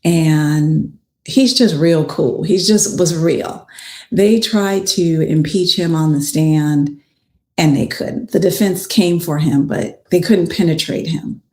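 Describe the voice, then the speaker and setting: A woman's voice: low-pitched, slow pace, dark tone. A woman host and attorney casually recounting a trial in a chatty, plainspoken way, with frank personal asides. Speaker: family law attorney and podcast host. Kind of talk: casual storytelling recap of a trial. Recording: echoey room.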